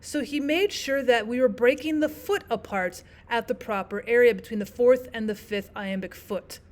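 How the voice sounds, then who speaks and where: Woman teaching a lesson, slightly high voice. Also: a little mellow. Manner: clear, measured teaching delivery, slows to read verse aloud. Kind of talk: explaining poetry lesson over slides.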